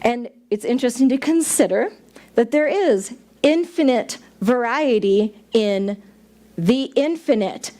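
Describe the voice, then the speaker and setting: A woman's voice: on the high side, lively intonation, a little slow, warm tone. A middle-aged woman minister giving a chatty, playful sermon to a congregation, joking along the way. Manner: chatty, playful, laughs at own jokes. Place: church sanctuary.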